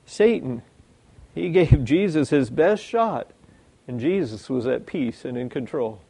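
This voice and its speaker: Animated male preacher with a gravelly voice. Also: mid-range voice, a little slow. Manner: animated, acts out quoted lines, reads scripture. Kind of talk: sermon.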